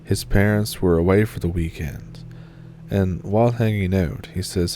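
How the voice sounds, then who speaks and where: A man with a low, dark voice tells a first-person horror story in a steady, measured read. His mellow tone sits over a faint hiss. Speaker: story narrator.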